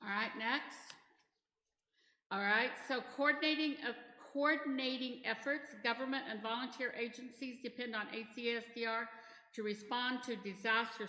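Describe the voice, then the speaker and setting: A middle-aged woman with a bright, forceful, slightly high voice leads a church training session. She talks in a chatty way, wandering into stories and asides. The sound comes from a roomy hall with a long tail of reverb. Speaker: disaster response trainer. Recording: echoey hall.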